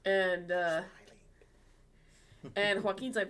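Animated, cursing woman telling a story. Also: mid-range voice, moderate pace, long pauses. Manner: animated, swears freely, acts out quoted dialogue. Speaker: podcast co-host. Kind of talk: casual storytelling chat.

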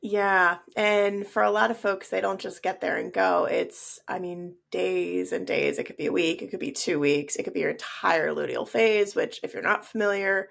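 A woman's voice: lowish voice, fairly even intonation, moderate pace, creaky, few pauses, a bit bright. A woman co-hosting a podcast with a nasal voice, chatting casually and affirming her co-host. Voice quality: nasal today. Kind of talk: casual chat.

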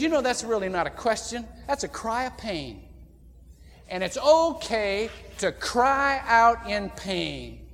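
A man from Indiana preaching a sermon as pastor, folksy and animated, with sudden loud outbursts. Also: very high voice. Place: church sanctuary. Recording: long church reverb.

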